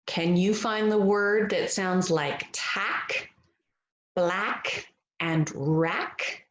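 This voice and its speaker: Slow, low-voiced woman teacher. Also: roomy sound, lo-fi sound. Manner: gentle, encouraging, drawn-out sounds. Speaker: reading teacher. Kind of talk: read-aloud phonics lesson.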